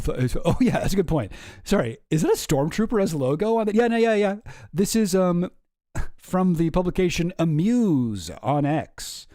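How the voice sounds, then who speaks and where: A man's voice: fairly high pitch, warm tone, no echo, clean studio sound. A man hosting a casual commentary stream, reading news posts aloud with sarcastic, swearing asides. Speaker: streamer host.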